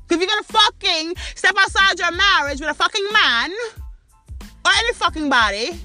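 A woman's voice: very high voice, expressive, moderate pace, bright, forceful tone, faint music behind. A British woman hosting a podcast, delivering a furious, mocking, profane rant. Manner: furious, mocking, swearing constantly. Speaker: podcast host. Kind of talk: profane ranting commentary.

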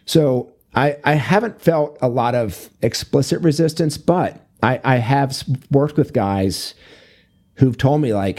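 Low, mellow-voiced man. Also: measured pace. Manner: easygoing, many fillers and restarts. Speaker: guest, fatherhood coach and author. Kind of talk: casual interview talk.

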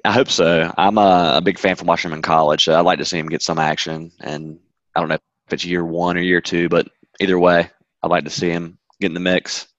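Deep-voiced man, slightly dull audio. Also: little pitch movement, a little fast, fairly bright tone, dry recording. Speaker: podcast co-host. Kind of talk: casual sports chat.

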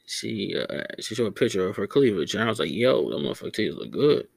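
A man's voice: lowish voice, sing-song, quick pace, creaky, heavy background noise. A young man hosting a podcast, rambling casually and profanely, often stumbling over his words. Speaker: podcast host.

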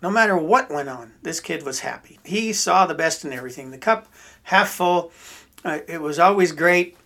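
A man's voice: fairly high pitch, lively intonation, moderate pace, pushed and bright. A middle-aged man hosting a podcast, telling a story in a rambling, folksy way with many restarts. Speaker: podcast host. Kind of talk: casual storytelling chat.

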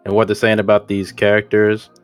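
A man's voice: fairly low pitch, monotone, fairly quick, clean tone, soft background music. A man co-hosting a podcast, chatting casually in slang, rambling and correcting himself as he goes. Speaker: podcast co-host. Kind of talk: casual chat.

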